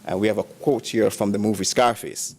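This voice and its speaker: A man's voice: lowish voice, fairly even intonation, fairly quick, slight background noise. Man reading graduation tributes aloud. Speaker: ceremony announcer reading tributes.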